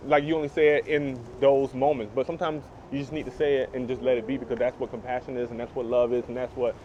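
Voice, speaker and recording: A man's voice: mid-range voice, steady tone, fast talker, few pauses, dark tone, muffled recording, slight background noise. A young man thanking his mother sincerely in a rambling, filler-heavy way. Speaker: host speaking to his mother. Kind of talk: heartfelt conversation.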